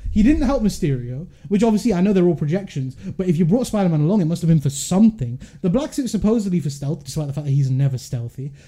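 A man's voice: high-pitched, big pitch swings, mellow. A man co-hosting a podcast, ranting with passion and indignation in casual chat. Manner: passionate, indignant, fast rants. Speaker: podcast co-host.

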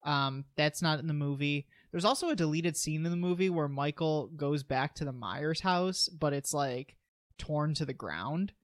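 A man's voice: a little high, lively intonation, normal speed, no room sound. A man co-hosting a podcast, chatting casually through a movie recap with eager asides. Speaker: podcast co-host.

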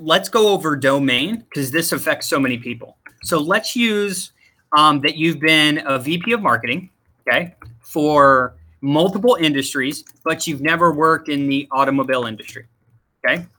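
Man, career coach, bright tense voice, slightly high, emphatic, repeats key points. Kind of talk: instructional talk to viewers.

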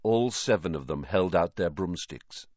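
A man narrating a novel aloud in an expressive storytelling manner. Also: low voice, a little slow, dry recording. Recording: dull lo-fi dry recording.

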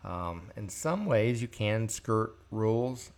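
Fairly low in pitch, with a darkish, clear, resonant tone, this older man speaks slowly but animatedly. Hosting a podcast, he gives a storytelling monologue about his working life, blunt and profane, acting out the dialogue.

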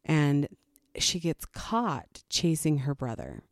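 A woman's voice: deep voice, very animated, slow, no echo, studio quality. A woman, a parent, telling a casual story about her child, candid and laughing lightly now and then.

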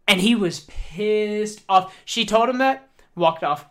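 A young man co-hosting a casual podcast chat, telling stories with lots of swearing and loud acted-out quotes. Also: sits high, moderate pace. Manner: animated storyteller, swears a lot, acts out quotes loudly. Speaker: podcast co-host.

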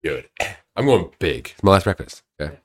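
A young man with a low voice that swings widely in pitch. He chats casually on a podcast, excitable and crude, joking with his friends. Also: brisk. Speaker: podcast co-host. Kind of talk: casual chat.

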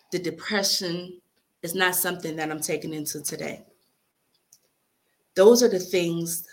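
Young woman reading her own letter, low-ish voice, earnest and heartfelt. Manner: earnest, heartfelt, near tears at times. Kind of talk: emotional spoken-word reading.

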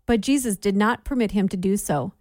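A woman giving a measured Bible reading for a daily reading plan, with clear, steady delivery. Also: mid-range voice, no room sound, studio quality. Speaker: scripture reader.

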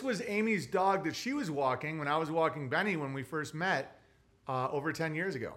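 A man's voice: a little high, expressive, fairly quick, fairly bright tone. A man hosting a livestream, reading viewer messages in a rambling, profane, casual way. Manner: rambling, profane, talks to his dog. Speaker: livestream host reading super chats.

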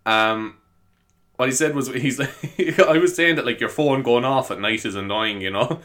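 A man's voice: mid-range voice, normal speed, a bit bright. A young man hosting a casual solo podcast, rambling off topic and laughing at his own jokes in a self-mocking way. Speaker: podcast host.

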